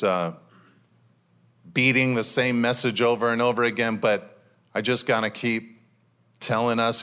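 A man pastor giving a sermon in a church, talking in a loose, conversational way with lots of fillers and animated bursts. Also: fairly low pitch, clean tone.

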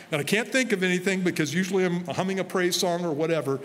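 Fairly high-voiced pastor, chatty sermon. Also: male voice, fast talker, a bit bright. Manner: conversational preaching with anecdotes. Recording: faint hall reverb with light noise.

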